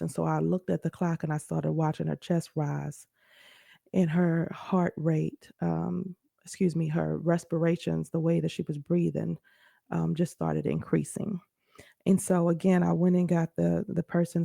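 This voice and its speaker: A woman's voice: deep voice, little pitch movement, moderate pace, creaky, dark tone, no echo, studio quality. A woman hosting a radio-style talk show, telling a personal story and teaching her listeners in an earnest, conversational way. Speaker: podcast host.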